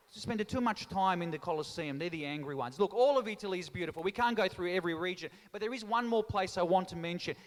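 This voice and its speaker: A man doing live stand-up crowd work in a large town hall, teasing the audience in an animated way. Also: high-pitched. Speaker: stand-up comedian and MC. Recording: echoey hall reverb.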